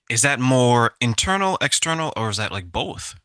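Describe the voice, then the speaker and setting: Male host, reflective questioner, bright sharp voice, dry sound. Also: medium pitch, lively intonation, moderate pace, hardly any pauses, no echo. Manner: reflective, asking questions by voicing a listener's doubts. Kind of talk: casual conversation.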